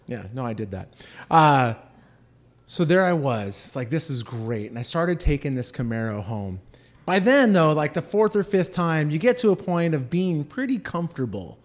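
A man's voice: on the high side, moderate pace. A man from Southern California telling a personal story, acting out the voices of the people in it. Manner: animated, acts out quoted voices.

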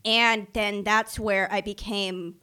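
A young woman telling a funny story about her own past to the camera, animated and self-mocking, acting out the other people's voices as she goes. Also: medium pitch, takes it slowly, clean tone. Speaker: vlogger. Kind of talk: storytime anecdote.

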